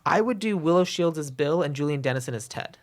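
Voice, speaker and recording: Woman with a low voice, podcast co-host, casual joking chat, self-mocking. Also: animated, quick pace.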